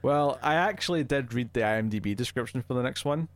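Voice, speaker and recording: A man's voice: mid-range voice, quick pace. A man co-hosting a casual film review podcast, talking in a chatty, hesitant way with many restarts. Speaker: podcast co-host.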